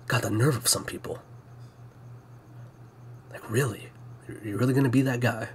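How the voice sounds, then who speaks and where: A man's voice: medium pitch, steady tone, unhurried, pauses often, fairly bright tone, slight background noise. Joking man commentating gameplay. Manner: joking, sarcastic, muttering asides.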